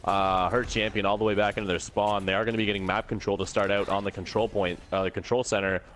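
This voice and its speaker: A man from Canada commentating a live online game tournament with excited, filler-heavy play-by-play. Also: on the low side, quick pace, slight background noise. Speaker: esports co-commentator.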